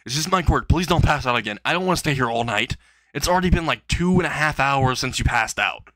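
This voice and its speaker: A man voicing an eager, excitable teenage boy hero in an amateur storytelling video. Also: medium pitch, fast talker, dry recording.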